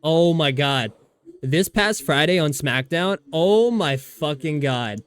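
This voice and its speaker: Male streamer, casual gaming chatter, swears a lot, rambles, laughs a lot, a bit high-pitched. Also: lively intonation, slow, smooth. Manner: profane, rambling, laughs often. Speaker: livestreamer playing a survival game.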